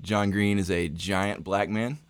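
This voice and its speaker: A man's voice: sits low, steady tone, measured pace, a little hiss or hum. A man hosting a comedy podcast, teasing his co-hosts in a playful way. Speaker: podcast host.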